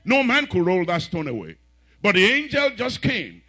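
A middle-aged man preaches from the pulpit in a high, bright voice, his pitch leaping and falling with great animation. He shouts his declarations, then drops low to tell stories, and keeps asking his congregation whether they heard him. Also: wildly swooping pitch, moderate pace. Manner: swings from shouting exhortation to quiet storytelling; calls on the congregation with questions. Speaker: bishop and pastor. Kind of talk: preaching a sermon.

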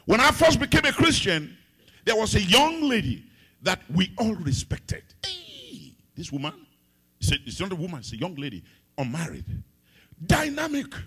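A husky, high-pitched man from Africa delivers a sermon. His voice leaps all over the place, ringing out in sung phrases and then dropping to hushed, low asides. He is a middle-aged pastor in full flow. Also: wildly swooping pitch, moderate pace. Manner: dramatic preaching, swinging between loud sung phrases and hushed low asides.

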